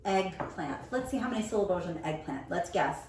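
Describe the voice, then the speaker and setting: A woman's voice: lowish voice, expressive. Patient teacher woman in an echoey room. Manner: patient, gentle, sounds out words slowly. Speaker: preschool teacher. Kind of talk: teaching a child on video. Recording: very echoey room, mic far off.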